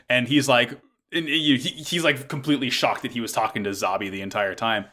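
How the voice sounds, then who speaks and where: A man's voice: mid-range voice, fairly quick, fairly bright tone. A young man casually recapping an anime episode as podcast co-host, rambling with lots of ums and likes.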